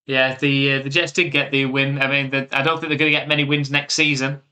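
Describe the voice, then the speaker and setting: A man's voice: mid-range voice, flat delivery, brisk, pushed and bright. A man with an English accent from the UK, giving live play-by-play commentary and chatting casually with stream viewers.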